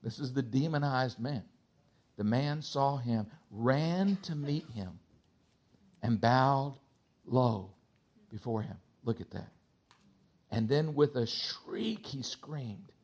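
A man preaching a sermon, moving from quiet, hushed storytelling to loud, high-pitched excitement, with stammering restarts. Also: takes it slowly, pauses often. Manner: animated preaching, swings from hushed to shouting. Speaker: pastor.

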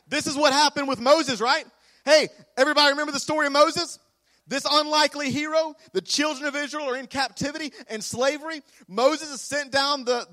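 A man's voice: extremely high pitch, a bit bright. A man preaching a sermon with energy, leading the audience in call-and-response. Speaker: pastor.

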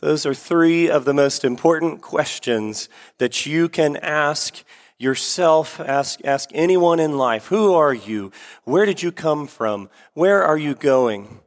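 A man's voice: on the high side, takes it slowly. A man preaching a sermon as pastor, talking casually with fillers and restarts, then reading scripture. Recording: echoey hall.

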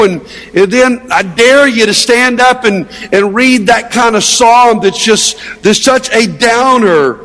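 Male preacher with a very high voice, emphatic sermon delivery and rhetorical questions, recorded with long church reverb. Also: fairly bright tone. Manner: earnest, emphatic, with frequent restarts and rhetorical questions. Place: church sanctuary.

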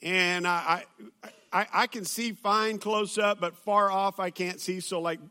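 Bright high-voiced pastor preaching. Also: male voice, fairly even intonation, a little slow, clear, resonant tone. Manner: storytelling with humor, many fillers and restarts. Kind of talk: sermon. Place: church auditorium with audience.

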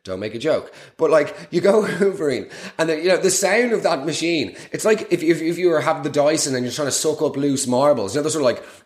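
Man, comic rant, exasperated and sweary, fairly high voice, echoey room. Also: animated, fairly quick. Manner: exasperated, sweary, mock-outraged. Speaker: comedic podcast host.

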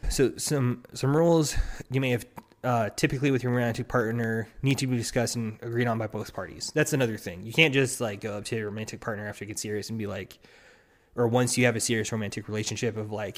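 A podcast host talks casually on a solo show in a mid-range, steady voice at a quick pace. He rambles, restarts often, and acts out the partners he quotes.

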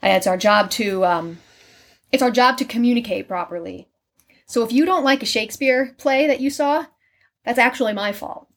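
Chatty woman actor, high voice. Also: normal speed. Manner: chatty, animated, many fillers. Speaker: Shakespeare actor, guest. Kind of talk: casual conversation.

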